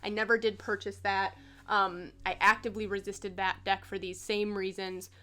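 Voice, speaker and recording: A woman's voice: mid-range voice, little pitch movement, normal speed, bright, forceful tone. A woman talking casually to her viewers as a tarot vlogger, chatty and loose, with lots of "like" and "um" as she shows cards to the camera. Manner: chatty, filler-heavy with frequent "like" and "um". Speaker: tarot content creator. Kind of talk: casual chat.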